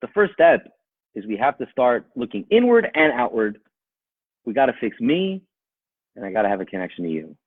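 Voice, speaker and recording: A man speaks as a rabbi, his voice climbing and falling in wide swings as he drives each point home with rhetorical questions and repeated phrases. His tone is husky and dry, with no room sound around it. The sound is thin and narrow, like a phone line. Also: medium pitch, very animated, moderate pace, pauses often, dry recording. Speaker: rabbi giving a talk. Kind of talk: impassioned talk to a live audience.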